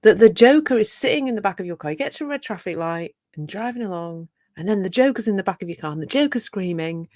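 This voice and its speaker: A woman's voice: mid-range voice, expressive, fast, few pauses, darkish tone, no echo, clean studio sound. A woman teaching on a live talk, chatty and playful, with rhetorical asides to her listeners. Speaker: self-compassion teacher.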